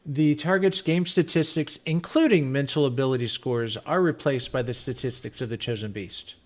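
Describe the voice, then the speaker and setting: A man's voice: mid-range voice, normal speed, darkish tone. A man playing in an online tabletop game, checking the rules and explaining his character's actions with some hesitation. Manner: hesitant, reading rules aloud. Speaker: player. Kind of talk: casual chat at a tabletop game.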